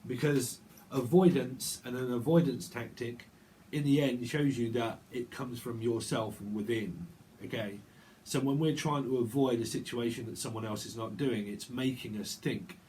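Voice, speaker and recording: Man, casual tarot reader, rambling and chatty, faint hiss behind, mid-pitched voice. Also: dark tone. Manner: rambling, chatty, quick asides and self-interrupting laughs. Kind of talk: casual monthly tarot reading.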